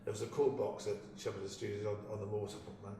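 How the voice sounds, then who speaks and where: An older man, an actor telling a lively anecdote about a film shoot and acting out the people he quotes. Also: fairly low pitch, fast talker, noisy background. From London, England. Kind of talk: anecdotal storytelling. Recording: echoey room, distant mic, faint ambience.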